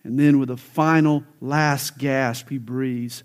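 A man's voice: mid-range voice, fairly even intonation, slow pace, few pauses, clear, resonant tone. A male pastor preaching a sermon, telling jokes and stories, then building to fervent emphasis.

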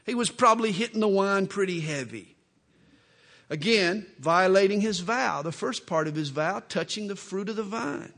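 Folksy high-voiced male preacher. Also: expressive, normal speed, fairly bright tone. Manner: folksy, joking, conversational. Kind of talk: expository sermon with humorous asides.

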